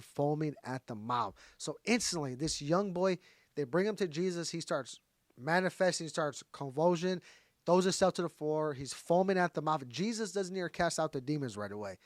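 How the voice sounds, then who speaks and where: A man's voice: a little high, no room sound, studio quality. A man teaching from the Bible in a casual sermon style, talking straight to his viewers. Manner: conversational, talks straight to viewers.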